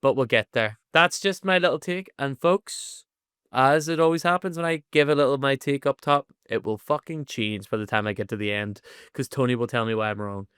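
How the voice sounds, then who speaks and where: Sweary animated man, smooth dry voice. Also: mid-range voice, brisk, no room sound. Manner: animated, sweary, laughs often. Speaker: podcast co-host. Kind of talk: casual chat recapping an episode.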